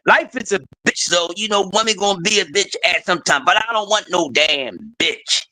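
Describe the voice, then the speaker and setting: High bright-voiced dude telling loud cussing stories, casual chat. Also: male voice, moderate pace, poor audio. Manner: loud profane storytelling, acting out quotes. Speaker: podcast host.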